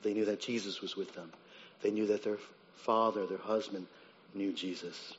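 A man preaching a sermon, who swings between soft, low reflection and loud, high-pitched dramatic retellings. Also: steady tone, normal speed, slight background noise. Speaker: pastor. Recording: dull sound with long reverb in a large hall.

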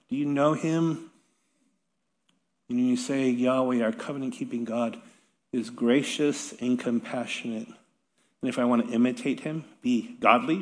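A middle-aged man delivers a sermon from a church sanctuary, his tone conversational and quick to poke fun at himself. His voice sits in a middle range, and a long reverb trails each phrase around the hall. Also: mid-range voice. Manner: conversational, self-deprecating humor with light laughs. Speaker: pastor.

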